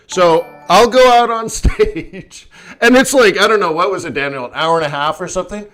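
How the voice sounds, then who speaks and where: A man hosting a live trading stream, telling stories in a lively casual way and acting out the people he quotes. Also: high voice, moderate pace, soft background music. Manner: animated, acts out quoted people. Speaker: forex trading host. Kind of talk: live stream chat and storytelling.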